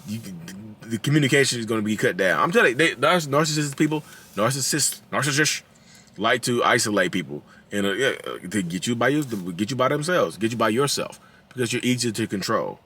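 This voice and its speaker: A man's voice: fairly low pitch, animated, quick pace, fairly bright tone, husky. A man in his thirties with a Southern drawl, hosting his own channel and talking casually to viewers, acting out quotes in a raised voice and laughing at his own jokes. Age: 30s. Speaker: channel host. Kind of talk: casual talking-head commentary.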